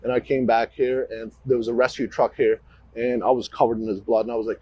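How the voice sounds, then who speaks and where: Male officer in a recorded interview; mid-pitched, halting delivery full of restarts. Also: little pitch movement, husky, dry recording, lo-fi sound. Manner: halting, with frequent restarts and fillers. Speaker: police officer giving a statement.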